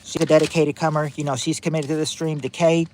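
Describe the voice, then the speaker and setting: A man runs a livestreamed family quiz game, reading questions fast in a flat, somewhat high, slightly mellow voice. He chats with viewers by name, reacts to chat names, and repeats himself often, with a little hiss or hum in the recording.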